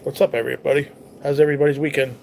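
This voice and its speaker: Gravelly-voiced man chatting on a livestream. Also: medium pitch, little pitch movement, very fast, a little mellow, slight background noise. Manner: chatty, rambling, reacts to chat messages. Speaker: livestream host reading chat. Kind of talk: casual chat.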